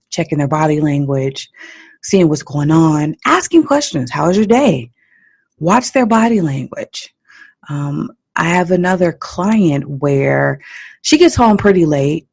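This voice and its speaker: Woman doing a parenting podcast, slow talker, lively up-and-down voice. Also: on the low side, gravelly, slightly rough. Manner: animated, teacherly, laughs at own stories. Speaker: parenting coach and podcast host. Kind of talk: solo podcast advice talk.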